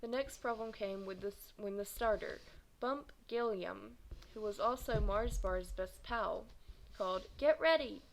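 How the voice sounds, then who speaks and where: A woman in her twenties reading a children's novel aloud in a steady manner, with occasional stumbles and self-corrections. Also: medium pitch, unhurried, creaky, slight background noise, poor audio. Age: 20s. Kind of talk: storybook read-aloud.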